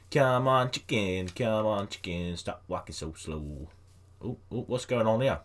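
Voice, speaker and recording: A man giving casual let's-play commentary on a game, chatting to his viewers and coaxing animals along in a high sing-song voice. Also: expressive, moderate pace. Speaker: gaming video host.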